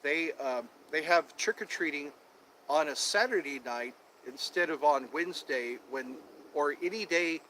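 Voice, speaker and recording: A man's voice: fairly high pitch, a little slow, pushed and bright, a little hiss or hum, rough recording. A man chatting casually on a livestream, rambling with many fillers, recorded outdoors on a phone. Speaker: livestream host. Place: outdoors at sunset, traffic passing.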